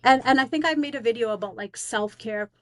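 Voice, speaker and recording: A woman's voice: fairly high pitch, fairly quick, fairly bright tone, dry recording. A woman who is a teacher on leave, talking in a casual vlog rant, blunt, slangy, defiant and rambling with lots of fillers.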